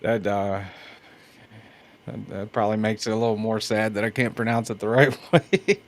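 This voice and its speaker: A man with a Southern US accent hosting a casual livestream, talking slowly, stopping and restarting often, laughing and reading chat aloud. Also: lowish voice, steady tone. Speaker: host sharpening knives on a livestream.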